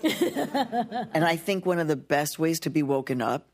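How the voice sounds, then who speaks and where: A woman's voice: sits low, very animated, a little slow, darkish tone. A woman hosting a live podcast interview, chatting and laughing easily. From Mexican heritage, lives in New York. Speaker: host.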